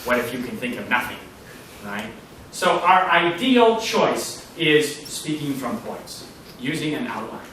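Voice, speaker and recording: Bright-voiced lecturer in an echoey hall. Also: male voice, medium pitch, unhurried, a little hiss or hum. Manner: animated teacher, big swings in loudness. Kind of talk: lecture on presenting. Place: lecture room. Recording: echoey room from far off.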